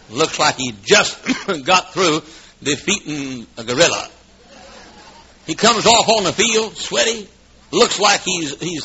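A preacher man delivers a revival sermon in a church, booming one moment and dropping low the next. His voice sits high and sounds bright and sharp. It comes through a muffled, lo-fi old recording. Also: slight background noise. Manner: shouting, swinging from booming to hushed, with coughs.

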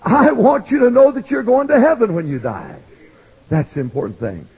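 An older man preaching in a large church, swinging from shouted pleading to quiet joking asides with a husky voice. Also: extremely high pitch, huge pitch swings, moderate pace, highs cut off. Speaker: pastor. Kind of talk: evangelistic sermon.

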